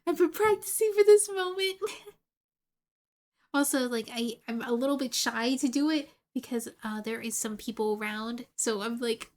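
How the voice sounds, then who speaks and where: A woman's voice: fairly high pitch, normal speed, darkish tone. A woman streaming a game playthrough, chatty and giggly as she reads the dialogue aloud. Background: game music.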